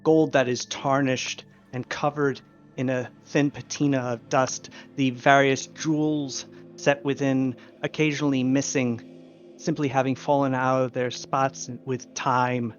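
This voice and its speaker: A man narrating a tabletop game as game master, slowly describing the scene with occasional fillers. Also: mid-range voice, flat delivery, faint music behind. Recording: dull lo-fi recording.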